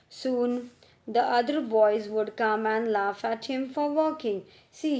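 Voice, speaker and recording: A woman's voice: on the high side, darkish tone. Indian woman teacher explaining a story. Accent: Indian English. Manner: reads a line then paraphrases it, often starting with "see". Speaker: school teacher. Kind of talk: reading and explaining a textbook chapter.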